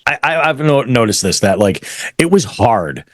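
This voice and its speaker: A chatty man from New England hosts a podcast, easily agreeing and swearing casually. His pitch rises and falls a lot, and the sound is close and dry. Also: very animated, moderate pace, no echo. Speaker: podcast host. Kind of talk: casual chat.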